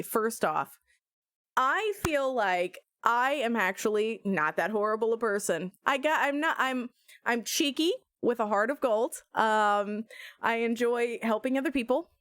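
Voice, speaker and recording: Animated high-voiced woman streamer. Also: no room sound, studio quality. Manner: animated, laughing, self-mocking. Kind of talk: casual game commentary.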